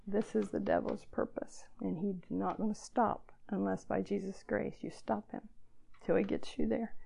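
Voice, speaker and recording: Older woman preaching, gravelly warm voice. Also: medium pitch. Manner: earnest, self-deprecating, emotional at times. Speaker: speaker addressing girls at church gathering. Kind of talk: sermon.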